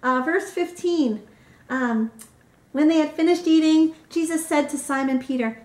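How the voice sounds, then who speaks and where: A woman's voice: high voice, unhurried, a little mellow. A woman teaching a Bible study, often checking in with her listeners by asking "right?". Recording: roomy echo.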